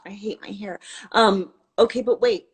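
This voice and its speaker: A woman's voice: medium pitch, steady tone, normal speed, breathy edge. Wry, teasing woman in live banter. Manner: teasing, wry, banters and quizzes her friend. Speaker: actress. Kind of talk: casual chat on a live stream. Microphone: phone on a live video stream.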